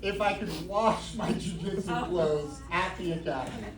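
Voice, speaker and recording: Being promoted to black belt at his jiu-jitsu academy, a man with a high voice and moderate pace delivers a humorous acceptance speech. His story lands with comic timing before growing sincere. The mic sits far away in an echoey room, and the crowd is noisy.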